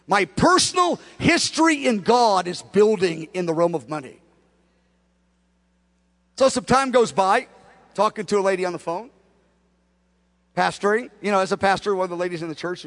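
A man's voice: high voice, creaky, fairly bright tone. A male pastor telling a story in a sermon, animatedly acting out both sides of conversations. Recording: long hall reverb.

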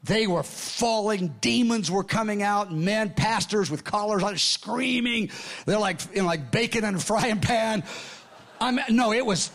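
An older man preaching in a storytelling style, conversational and animated, often dropping to hushed tones and restarting his sentences. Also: high-pitched, measured pace. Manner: conversational, acts out dialogue, laughs often. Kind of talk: storytelling sermon with notes.

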